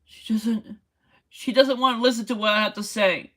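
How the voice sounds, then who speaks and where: A woman's voice: on the high side, fairly even intonation, moderate pace, pushed and bright. A tearful woman in a motel room, talking in an emotional livestream rant and asking the same pleading questions again and again.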